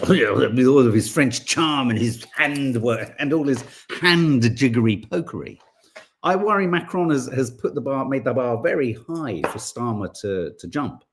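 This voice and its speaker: A man, hosting a podcast in casual chat and reading out viewer comments in a rambling, animated way. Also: mid-range voice. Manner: rambling, animated, full of restarts and asides. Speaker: podcast host.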